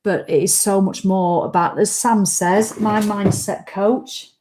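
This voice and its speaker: A woman hosts a relaxed live stream from home, talking warmly and loosely to her viewers. She rambles a little and greets people by name as their comments come in. Her voice sits at a middling pitch. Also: a little slow, noisy background. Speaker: online fitness coach. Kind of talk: casual live stream chat.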